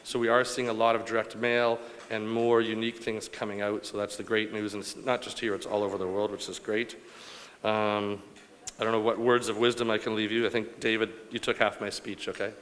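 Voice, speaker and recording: A man's voice: lowish voice, little pitch movement, fairly quick, fairly bright tone. A man from Canada giving a rambling, joking award acceptance speech to a live audience. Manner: rambling, joking, self-deprecating, with fillers. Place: large banquet hall. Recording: long hall reverb from a live event.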